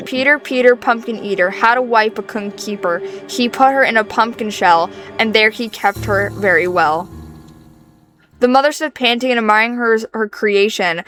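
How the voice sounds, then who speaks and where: A woman's voice: a little high, normal speed, a bit bright, faint music behind. A woman streamer chatting casually and reading game narration, giggly and rambling.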